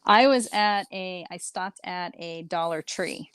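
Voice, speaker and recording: A woman co-hosting a casual podcast chat, telling a lively story and laughing often. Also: on the low side, measured pace, smooth, no echo, studio quality. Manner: animated storytelling, frequent laughs. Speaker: podcast co-host.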